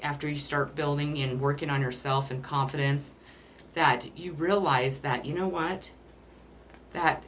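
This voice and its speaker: A woman doing a spiritual card reading, emotional and rambling, often pausing to apologize as she talks to the listener about love. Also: low voice, steady tone, slight background noise. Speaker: tarot card reader.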